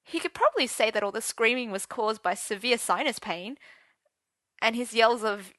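A woman reading a romance story aloud, expressive and switching voices for each character. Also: medium pitch, unhurried, no echo, studio quality. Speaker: narrator. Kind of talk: audiobook narration of romance fiction.

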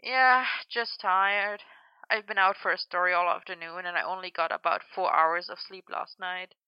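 A woman's voice: on the low side, fairly even intonation, moderate pace, clear, resonant tone, no room sound, close to an everyday voice. A woman voicing a cheeky young man who sounds scratchy and worn out, in a dull, dry recording. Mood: exhausted. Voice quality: tired, scratchy, quiet.

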